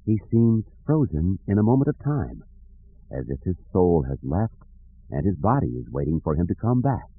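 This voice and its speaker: A man voicing a grave, hesitant female Calamarian Jedi trainee in an audiobook, with a thin, husky voice and a slow, solemn manner. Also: low voice, big pitch swings, dry recording, exaggerated voice. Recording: narrow phone-like audiobook recording.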